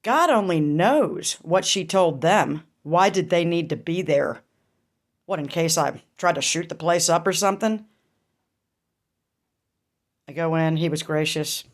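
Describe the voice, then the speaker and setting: A woman's voice: lowish voice, unhurried, long pauses. A middle-aged woman vlogger telling a raw personal story, intense and profane, full of rhetorical questions.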